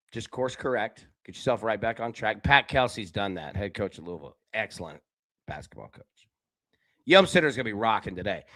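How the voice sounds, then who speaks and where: A man of middle pitch hosts a live sports betting show in a lively, casual way, calling out to viewers by name. He jumps from loud, excited bursts to quiet, low asides. The sound is dry and close, with almost no room echo. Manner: talks directly to chat viewers by name. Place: indoor room with a window.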